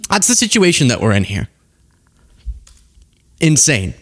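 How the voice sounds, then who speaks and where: A young man hosting a casual political commentary show, sarcastic and quick to laugh at his own jokes. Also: mid-range voice, wildly swooping pitch.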